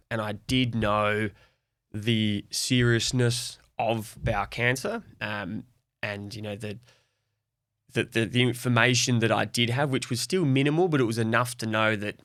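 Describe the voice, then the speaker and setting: A man's voice: fairly low pitch, no echo, studio quality. A young Australian man speaking openly and reflectively as a guest in a podcast conversation. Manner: open, reflective, soft-spoken.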